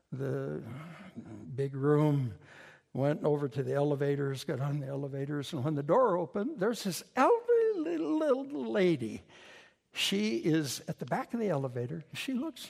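A man preaching a sermon, an animated storyteller who mocks himself with humor and bursts into loud emphasis. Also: a little high, unhurried, vocal fry, slightly rough. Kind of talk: sermon with personal stories. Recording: long hall reverb.

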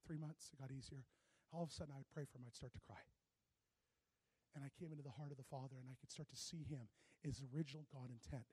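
A man preaching a sermon, telling a personal story and acting out both sides of the dialogue, moving from hushed to loud. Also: medium pitch, fairly even intonation, quick pace, husky, no room sound.

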